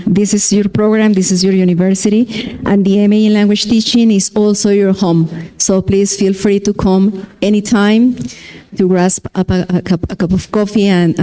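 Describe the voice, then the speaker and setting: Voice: mid-range voice, dark tone, clear, resonant tone. A speaker giving a formal welcome address at a university event, reading names carefully and hesitating with fillers and restarts.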